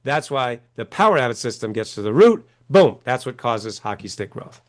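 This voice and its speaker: A man's voice: mid-range voice, big pitch swings, normal speed. A man guest on an interview show, talking emphatically, acting out quoted voices and often asking "right?". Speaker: author and coach, guest. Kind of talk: animated interview talk.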